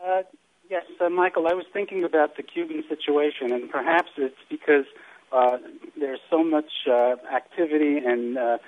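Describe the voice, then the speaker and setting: A hesitant man calling in to a radio talk show, halting and filling pauses with fillers. His voice sits somewhat high. It comes through a thin, tinny phone line. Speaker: caller.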